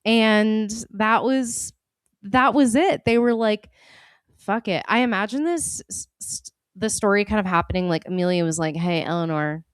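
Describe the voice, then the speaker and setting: A woman's voice: mid-range voice, moderate pace, clean tone, no room sound, studio quality. A woman co-hosting a podcast, telling stories casually, laughing often and acting out quotes in playful voices. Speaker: podcast co-host. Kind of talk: casual chat, storytelling. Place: podcast studio.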